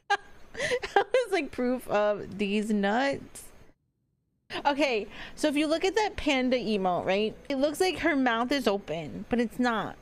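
A woman's voice: high voice, big pitch swings, normal speed. A woman streamer commentating live gameplay, jumpy and swearing often as she talks to her chat. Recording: loud music behind voice.

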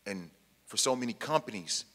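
Formerly incarcerated man addressing a room, low-pitched and bright, emphatic and colloquial, in a reverberant hall. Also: expressive, moderate pace. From Pacific Northwest, US. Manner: emphatic, repeats key lines, plain colloquial speech. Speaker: formerly incarcerated panel speaker. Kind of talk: impassioned public talk to an audience.

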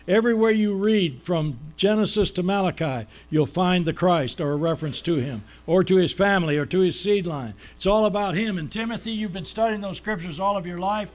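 He's a preacher working through a sermon in question-and-answer form, slowing whenever a key word needs weight. The voice is high.

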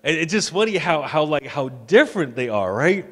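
Casual pastor in a reverberant church hall. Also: male voice, on the high side, sing-song, moderate pace, a bit bright. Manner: casual, joking, with stammered restarts. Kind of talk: sermon. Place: church sanctuary.

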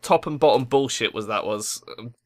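A young man commentates on a football tactics game for his YouTube channel, cursing and sounding frustrated. His voice is mid-range and his pace normal.

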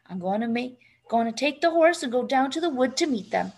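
A woman voicing a calm, sensible, sturdy farm wife who speaks in a matter-of-fact way. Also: sits high, fairly quick. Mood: calm insistent.

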